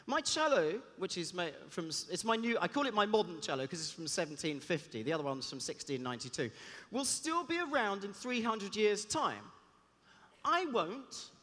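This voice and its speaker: Man, high animated voice, bright tone, hall reverb. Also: normal speed. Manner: chatty, self-deprecating, jokey asides. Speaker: conference speaker and cellist. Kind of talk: lively stage talk. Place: large hall on stage. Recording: long reverb of a big hall.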